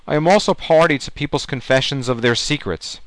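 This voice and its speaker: A man's voice: on the high side, no room sound. Man reading a reflective essay, dry sound. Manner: measured, reflective delivery with list-like pauses. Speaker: therapist. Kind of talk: scripted personal essay narration.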